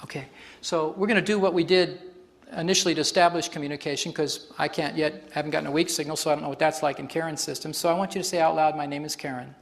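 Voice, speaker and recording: A man's voice: a little high, steady tone, quick pace, creaky. Chatty man teaching on stage. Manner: chatty, explanatory, laughs often. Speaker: workshop facilitator. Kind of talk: live stage demonstration lecture. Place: stage before an audience.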